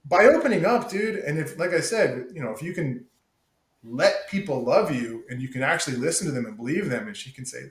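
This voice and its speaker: An American man speaks candidly as a podcast guest in casual conversation, emphatic and profane, often calling the host "dude." His voice is on the high side, expressive and a little fast. The room is echoey and the audio is poor.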